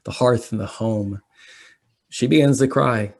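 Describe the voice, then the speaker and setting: Husky-voiced male game master. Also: mid-range voice, a little slow, darkish tone. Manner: descriptive, dramatic scene narration. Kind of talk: narrating a tabletop game.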